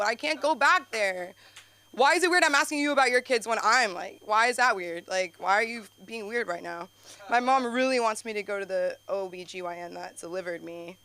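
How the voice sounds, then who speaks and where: Chatty, bright-voiced young woman doing stand-up. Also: brisk. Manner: rambling, filler-heavy and chatty, with sudden high excited bursts. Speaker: stand-up comedian. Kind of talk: open mic stand-up set. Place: comedy club stage.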